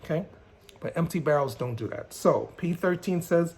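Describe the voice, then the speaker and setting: A man's voice: medium pitch, moderate pace, slightly rough. A man teaching as a mentor, emphatic and preachy, repeating his key points. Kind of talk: motivational teaching.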